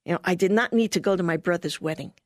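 An older woman being interviewed, telling a personal story in a lively way and often laughing. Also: on the low side, fast talker, no room sound, studio quality.

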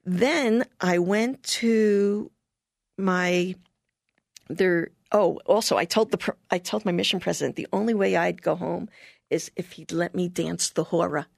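An older woman being interviewed, telling a personal story in a lively way and often laughing. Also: fairly low pitch, a little slow, gravelly, no echo, studio quality.

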